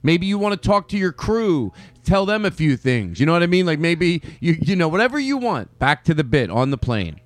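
A man's voice: a little high, very animated, moderate pace, few pauses, no room sound. A man in casual comedic chat, asking questions and setting up improv bits. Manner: inquisitive, sets up bits.

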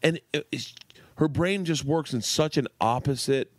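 A man, a guest comedian, telling animated, profane family anecdotes in casual podcast chat. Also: fairly high pitch, normal speed, no room sound. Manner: animated anecdotes, swearing and laughing.

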